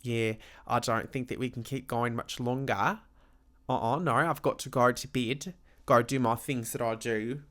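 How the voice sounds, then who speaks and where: A man's voice: medium pitch, a bit bright, lightly acted. A man doing a put-on Australian accent, playing a drowsy guy joking about heading to bed. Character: sleepy man winding down for bed.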